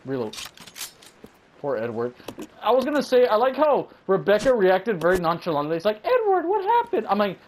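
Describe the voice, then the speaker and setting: Young man, let's play commentary, excitable, swearing, rambling, lively higher voice. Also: moderate pace, a little hiss or hum, rough recording. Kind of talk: casual gameplay commentary.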